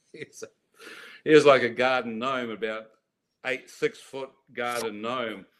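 A man's voice: mid-range voice, steady tone, slow pace, fairly bright tone. An older man telling his life story as an interview guest, vivid and dramatic, with restarts. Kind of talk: animated storytelling.

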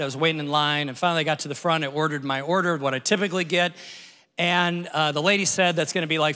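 A middle-aged man preaches an Easter sermon in a loose, joking, storytelling way. His voice sits high and bright. The sound carries the long reverb of a large hall. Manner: lively, conversational, jokey. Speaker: pastor.

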